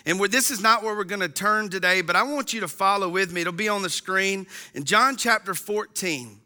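A man's voice: high-pitched, a little fast, bright, forceful tone. A man in his thirties giving a casual, folksy sermon as a pastor to an online congregation, chatty with frequent ums.

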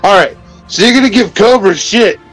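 A man co-hosting a casual comedy podcast, complaining in a deadpan way. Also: sits high, fairly quick, soft background music. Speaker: podcast co-host.

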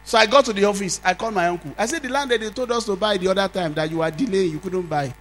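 A Nigerian man, a pastor, preaching a sermon as a story, swinging from loud exclamations to low asides. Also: rapid-fire, rough recording.

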